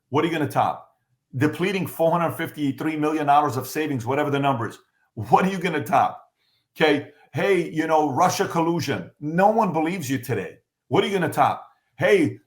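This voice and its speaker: A podcast host with a slightly high, fairly bright voice delivers animated commentary in an echoey room. He talks emphatically and keeps firing off rhetorical questions.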